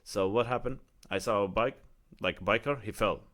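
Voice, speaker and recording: A man's voice: on the low side, normal speed, fairly bright tone. A man with an Emirati accent telling a casual, heated story in a vlog, filling his talk with "like" and "you know". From United Arab Emirates. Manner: heated, chatty, heavy use of "like" and "you know". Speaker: vlogger.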